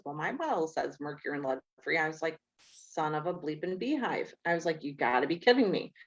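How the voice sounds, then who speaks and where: A woman's voice: medium pitch, fairly bright tone. A woman who works as a nurse, talking casually about diet and telling a story with acted-out dialogue. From Chicago area. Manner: chatty storytelling, acts out quoted dialogue. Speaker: nurse and natural health speaker. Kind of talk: casual talk. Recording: dull lo-fi sound.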